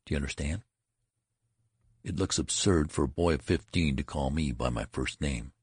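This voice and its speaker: Man doing a stern gruff uncle. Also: a bass voice, moderate pace, dry recording, studio quality. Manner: stern, lecturing.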